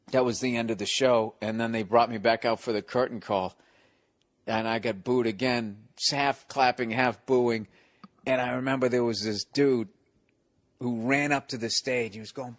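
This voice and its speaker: A man's voice: medium pitch, no echo. Male comedian guest, salty anecdotes, acts out every quote, dry close sound. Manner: profane, animated storyteller who acts out quotes. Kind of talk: casual storytelling on a talk show.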